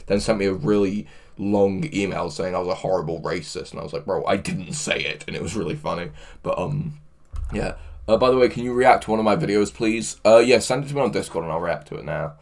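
A man chatting casually on a livestream, excitable, laughing often and swearing a lot. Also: sits low, a little fast, creaky. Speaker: livestreamer reading chat.

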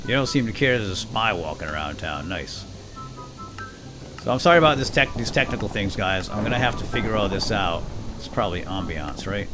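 A man's voice: lowish voice, animated, fairly quick, over music. A man hosting a let's play video, giving casual, jokey commentary with frequent exclamations and laughs.

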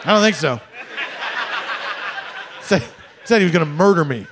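A middle-aged man performing a stand-up comedy set on a club stage, with an animated, exaggerated, mock-polite delivery. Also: a little high, moderate pace, vocal fry, long pauses, noisy background.

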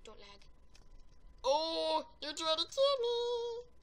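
High, bright-voiced excitable gamer woman. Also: slow. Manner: excitable, yelling and gasping at wins and deaths; chatty, rambling asides between rounds. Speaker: gaming video creator. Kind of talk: excitable gameplay commentary.

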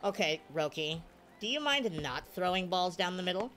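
A woman's voice: fairly low pitch, normal speed, music in the background. A woman giving live video game commentary, cheering and groaning at every play. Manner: excitable, cheers and groans at plays. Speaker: gaming streamer.

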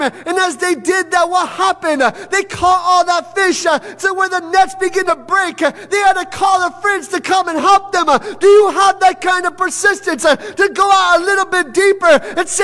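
A man preaching a fervent sermon as pastor, with frequent "uh" fillers and bursts of shouting. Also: extremely high pitch, steady tone, moderate pace, hardly any pauses. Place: church sanctuary. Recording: long hall reverb from a church.

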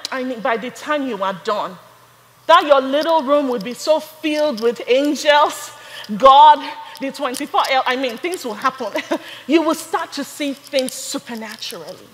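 A woman's voice: high voice, unhurried, long reverb tail, poor audio. Fervent woman preaching. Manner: fervent, builds to shouted praise. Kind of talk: sermon.

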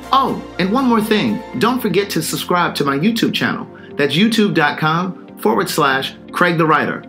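Give me a man hosting a vlog with a lively, animated delivery. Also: fairly high pitch. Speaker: vlog host. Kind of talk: scripted intro and promo.

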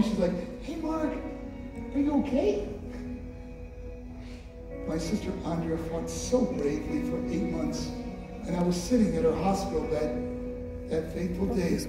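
A man's voice: fairly high pitch, normal speed, loud music behind the voice. A man giving a motivational speech to a school assembly, telling his story with emphasis and speaking straight to the audience. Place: large hall with an audience. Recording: echoey hall from far off.

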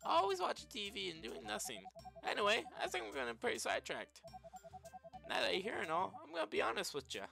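A man voicing a cheerful, friendly male bunny groundskeeper in a high, chipper, folksy drawl while reading game dialogue aloud. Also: sing-song, quick pace, gravelly, music in the background, full character voice.

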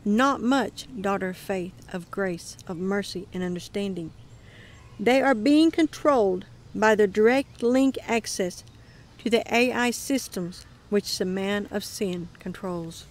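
A woman voicing Jesus as a gentle divine man, speaking softly, low and hushed. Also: measured pace, natural voice.

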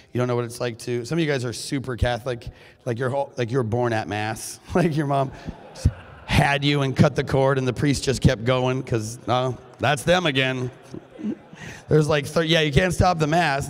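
A hoarse man in his forties from Minnesota giving a joking, chatty keynote talk on a stage microphone in a large school hall. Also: mid-range voice, fairly even intonation, normal speed. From Duluth, Minnesota, USA. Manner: joking, chatty, with frequent fillers. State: hoarse, recovering from lost voice. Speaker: conference keynote speaker. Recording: long reverb of a large hall.

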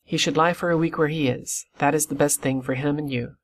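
A man reading the part of a stern, brisk country doctor who scolds with crisp authority. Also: fairly high pitch, steady tone. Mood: firm.

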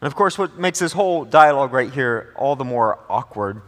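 Male pastor, sermon, bright and forceful voice, casual with jokes, long church hall reverb. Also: mid-range voice, animated, normal speed. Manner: conversational, joking asides. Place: church sanctuary.

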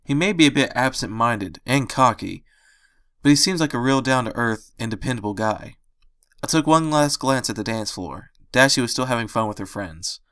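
A man reading fan fiction aloud as first-person narration, in a steady storytelling way on a close, dry microphone. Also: medium pitch, moderate pace, no room sound.

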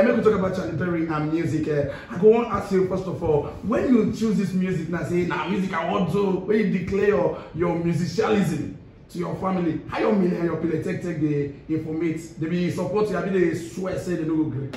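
A man's voice: high voice, brisk, darkish tone, a little hiss or hum. A male radio host with a Nigerian Pidgin English accent, running a hyped, laugh-filled studio interview in Pidgin slang. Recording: echoey studio mic from a distance.

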